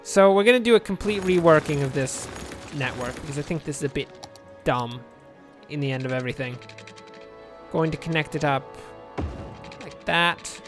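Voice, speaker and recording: A man with a fairly high voice talks his way through a city-building game in an easy, offhand manner. He rambles from one joke to the next, dry and self-mocking, and spins out absurd tangents. Faint music plays behind him. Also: normal speed. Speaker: let's play commentator. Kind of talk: casual gameplay commentary.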